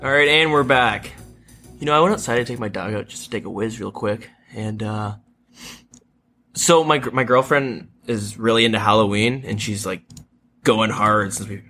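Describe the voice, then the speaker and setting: Man, young adult, podcast co-host, bright ringing voice, rambling casual storytelling, swearing. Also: lowish voice, normal speed, soft background music. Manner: rambling, swears freely, laughs at own stories.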